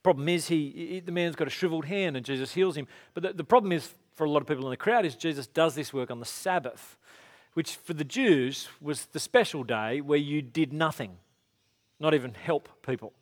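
A pastor with a higher-pitched voice delivers a casual, conversational sermon at a brisk pace. He tells stories in an animated way, acting out the quotes.

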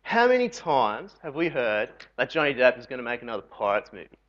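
A man giving a lively, jokey sermon to a youth group, full of rhetorical questions. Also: mid-range voice, fairly quick. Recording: dull lo-fi recording.

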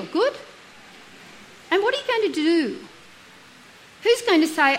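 A middle-aged woman speaks as a counsellor, with a fairly high voice. She talks earnestly, asking her listeners questions and walking them through everyday examples. A faint hiss sits under her voice. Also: expressive, unhurried, long pauses, low-quality recording. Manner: earnest, uses rhetorical questions and acted examples. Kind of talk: reflective talk on guilt.

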